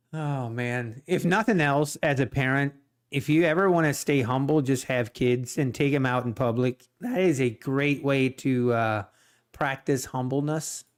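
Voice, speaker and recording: A man's voice: medium pitch, measured pace, clean tone. A man hosting a day-trading livestream, chatting casually with his viewers, laughing often as he tells stories and comments on the market. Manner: chatty, laughs often, addresses chat directly.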